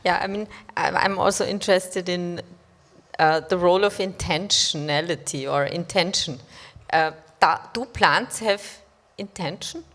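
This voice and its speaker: A woman in an academic panel discussion, raising questions haltingly. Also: fairly low pitch, fairly bright tone.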